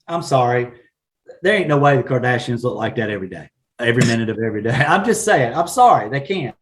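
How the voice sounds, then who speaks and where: A man with a Southern accent from South Carolina, talking in a folksy, animated way with frequent laughs in a casual live-stream chat. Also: mid-range voice, fast talker, slight background noise. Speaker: guest, real estate agent.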